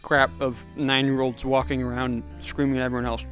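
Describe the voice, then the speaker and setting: A man's voice: mid-range voice, flat delivery, a little fast, a bit bright, soft background music. A young man chatting casually on a livestream, rambling with lots of fillers while answering chat. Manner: rambling, filler-heavy, reads chat aloud. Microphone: clip-on magnetic microphone.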